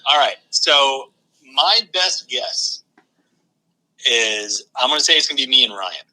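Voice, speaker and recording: A man's voice: mid-range voice, animated, measured pace, bright, forceful tone, poor audio. A man phoned in as a guest player, joking and trash-talking in casual chat.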